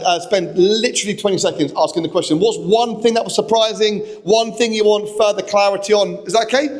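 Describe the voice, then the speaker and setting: A man, preaching a lively, chatty sermon that draws in the kids in a church hall. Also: high voice. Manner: lively, chatty, talks to the kids, acts out lines. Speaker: pastor.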